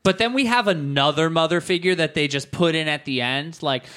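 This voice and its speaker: A man's voice: a little high, brisk, fairly bright tone, clear, resonant tone. A man co-hosting a casual comedy podcast, reviewing a movie with friends, joking and laughing often. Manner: jokey, laughs often, acts out quotes. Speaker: podcast co-host.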